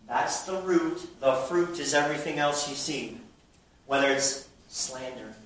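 Echoey bright-voiced male preacher. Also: on the high side, unhurried. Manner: animated preaching, drops to a hush then bursts loud. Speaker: pastor. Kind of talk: sermon. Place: church hall with an audience. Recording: very echoey hall, mic at a distance.

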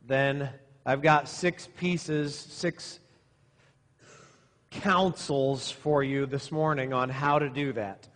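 A man's voice: medium pitch, fairly even intonation, slow pace, a bit bright. A middle-aged male pastor preaching to young men, using sarcasm and exaggeration to make his point. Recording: long reverb in a hall.

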